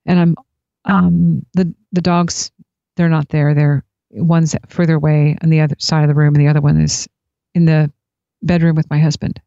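A woman tells a personal story in a reflective, unhurried way. Her voice sits low and mellow. The recording is dry and slightly dull. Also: little pitch movement, gravelly, no room sound. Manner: reflective, unhurried anecdotal telling. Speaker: speaker sharing spiritual experiences.

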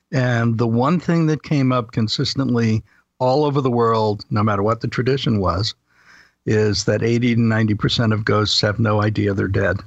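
A man in casual conversation, explaining things in a calm, matter-of-fact way. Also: lowish voice, normal speed, no room sound. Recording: dry, slightly dull sound.

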